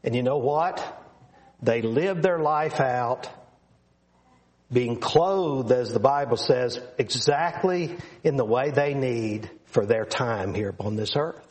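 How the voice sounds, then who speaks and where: A man's voice: medium pitch, slow, darkish tone. A man preaching a sermon to his congregation in an earnest, emphatic way, repeating phrases for stress.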